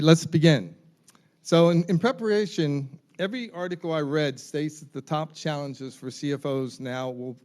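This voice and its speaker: A man's voice: on the high side, a little mellow. A man moderating a university panel discussion, reading out names and titles with frequent ums, picked up by a distant mic in a hall. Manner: reads names and titles, um-filled. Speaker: forum moderator.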